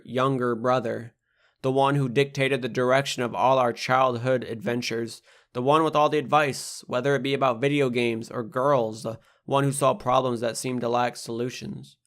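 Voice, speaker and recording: A young man with a voice of ordinary middle pitch reads his own poems as an audiobook. His delivery rides a steady hip-hop rhythm, landing hard on rhymes and swearing bluntly and without apology. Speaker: poet reading his own book. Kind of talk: spoken-word poetry reading.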